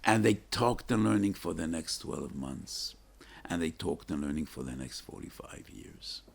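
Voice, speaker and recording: Gravelly, low-voiced older rabbi. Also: male voice, animated. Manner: fervent, with sudden emphatic rises and dramatic pauses. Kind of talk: Torah talk with storytelling.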